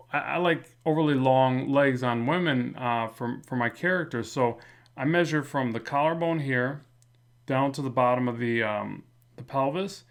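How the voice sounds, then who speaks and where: A man with a slight lisp, talking through a drawing in a relaxed, rambling way as a comic art instructor. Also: mid-range voice, vocal fry. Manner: relaxed, rambling, many fillers and restarts. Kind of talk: casual drawing tutorial narration.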